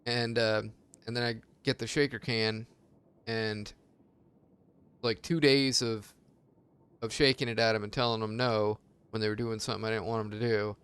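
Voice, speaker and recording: A man's voice: on the low side, level tone, normal speed, long pauses, a bit bright, smooth. Rambling, foul-mouthed male streamer. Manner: rambling, profane, laughs often. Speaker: game streamer. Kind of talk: casual gaming stream chat.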